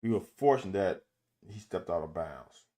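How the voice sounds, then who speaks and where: A man giving casual commentary on football game film. He talks to viewers directly and critiques the plays in an animated, exasperated way, with swearing. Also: deep voice, moderate pace. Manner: addresses viewers directly as "y'all". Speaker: football film breakdown host.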